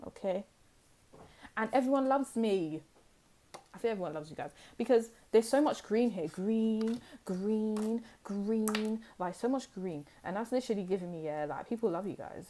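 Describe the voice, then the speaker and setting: Animated young woman reading tarot. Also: mid-range voice, normal speed, slight background noise. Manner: animated, emphatic, repeats phrases for stress. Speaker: tarot reader. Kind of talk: pick-a-card tarot reading.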